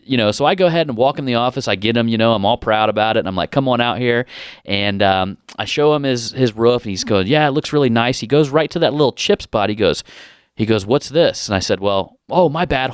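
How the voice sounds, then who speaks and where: A man spins a long story in easy podcast chat, slipping into other people's voices as he goes. His voice is smooth and resonant, and the sound is dry and close to the mic. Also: medium pitch, dry recording. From Ohio, USA. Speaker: podcast host. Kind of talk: casual storytelling.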